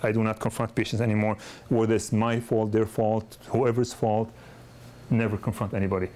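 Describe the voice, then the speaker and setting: A middle-aged pediatric dentist teaching a course speaks in a fairly low, level, slightly mellow voice at a brisk clip. His lecture is full of personal stories, delivered conversationally with frequent restarts and repeated words.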